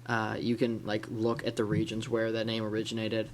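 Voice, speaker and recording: A man's voice: fairly low pitch, monotone, normal speed, slight background noise. A man from the Illinois-Wisconsin area of the USA hosting a casual comic book podcast, rambling with many restarts and fillers. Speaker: podcast host.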